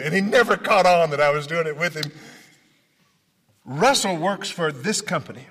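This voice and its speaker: A man from Memphis, a speaker telling stories to an audience and acting out the dialogue, his voice dropping hushed and rising loud. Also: on the high side, brisk, long pauses. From Memphis, Tennessee. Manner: dramatic, acts out dialogue, swings from loud to hushed. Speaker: motivational speaker. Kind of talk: storytelling speech to an audience. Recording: hall with long reverb.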